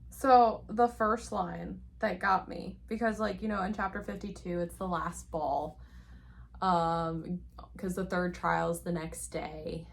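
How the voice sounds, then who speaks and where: A woman's voice: on the low side, steady tone, slow pace, creaky. A woman reviewing a book she loves in a casual chat, gushing and rambling with plenty of "like" fillers.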